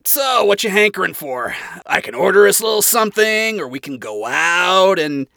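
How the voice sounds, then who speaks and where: A man puts on a weary immortal hunter who talks in a teasing, sarcastic drawl, as in a storybook read aloud. The voice sits a bit higher than the reader's own, with a gravelly edge and a bright, pushed tone. It is close and dry, with no room sound. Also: big pitch swings, normal speed, no room sound, full character voice. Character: weary sardonic centuries-old male hunter.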